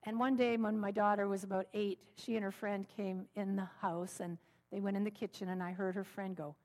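A middle-aged woman minister giving a sermon, telling stories with gentle humor. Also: medium pitch, brisk. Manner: warm storytelling with gentle humor.

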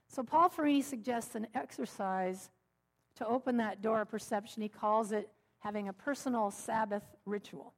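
A middle-aged woman minister giving a sermon, telling stories with gentle humor. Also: a little high. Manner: warm storytelling with gentle humor.

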